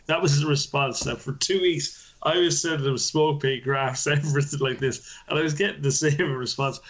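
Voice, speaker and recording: A man co-hosting a podcast, telling a story in an animated, profane way and laughing often. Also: fairly high pitch, moderate pace. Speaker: podcast co-host. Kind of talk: casual chat.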